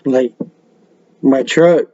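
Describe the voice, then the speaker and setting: A man with a mellow, darkish voice tells loose stories on a practice podcast, swearing freely and breaking into laughs. The audio is dull and lo-fi, like a webcam mic. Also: medium pitch, extremely slow. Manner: profane, laughing, rambling storyteller. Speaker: podcast host. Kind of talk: casual storytelling.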